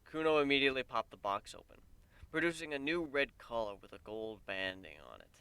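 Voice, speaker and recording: A man narrates a story aloud as a dramatic reading, his tone bright and forceful. His voice is smooth and crisp, recorded close and dry. He lets his loudness rise and fall for effect as he reads. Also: medium pitch, fairly quick, dry recording. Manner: expressive narration with swells and drops in loudness. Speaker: fan fiction reader.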